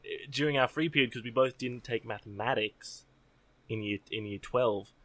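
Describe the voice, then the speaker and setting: A young man co-hosting a podcast in laid-back casual chat, swearing freely and quick to laugh. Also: medium pitch, fairly bright tone, no echo. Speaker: podcast co-host.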